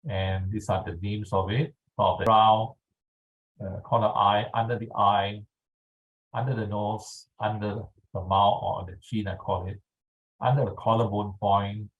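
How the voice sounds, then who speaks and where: A man leading a guided tapping exercise over a video call, speaking calmly and checking in often with his listeners. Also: lowish voice, narrow, tinny audio. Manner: slow, calm instructional pacing with frequent "all right". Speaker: EFT tapping instructor.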